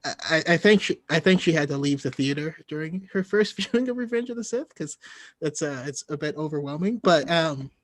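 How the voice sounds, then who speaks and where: A man's voice: a little high, lively intonation, brisk, dry recording. A man hosting a podcast in casual chat, talking with enthusiasm and laughing easily. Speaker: podcast host.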